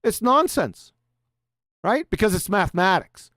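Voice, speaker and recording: A man's voice: high voice, very animated, a little slow, a bit bright, dry recording, clean studio sound. A man hosting a live stream, reading passages aloud and then mocking his critics in a combative way. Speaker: livestream host.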